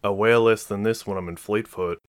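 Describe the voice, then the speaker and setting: A man's voice: lowish voice, steady tone, brisk, dry recording, studio quality, close to an everyday voice. A man playing a blunt, unbothered female lieutenant. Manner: blunt, matter-of-fact.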